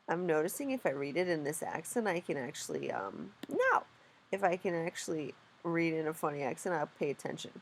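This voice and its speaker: A woman's voice: low voice, expressive, normal speed. A young woman vlogging while day trading, rambling, swearing and laughing at herself in casual chat.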